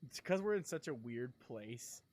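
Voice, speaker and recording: A young man chatting casually on a live stream, rambling and excitable, laughing often and sounding sleepy. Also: mid-range voice, unhurried.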